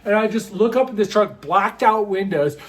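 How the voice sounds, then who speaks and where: Wry high-voiced man telling a story. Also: animated, normal speed. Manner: wry, self-mocking, rambling with fillers. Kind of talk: comic personal storytime.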